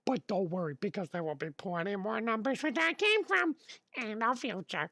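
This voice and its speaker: A man voicing a bubbly star-cat mascot, hosting a livestream guessing game with a squealing, drawn-out, bouncy delivery. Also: high voice, lively intonation, pushed and bright, dry recording, full character voice. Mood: playful. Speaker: streamer.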